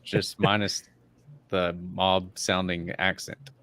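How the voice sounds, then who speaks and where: A gruff man from Texas who speaks in short, profane remarks. His voice is very low and gravelly with heavy fry. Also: level tone, slow pace, fairly bright tone, no room sound. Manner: gruff, terse, swears. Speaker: podcast co-host. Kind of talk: casual chat.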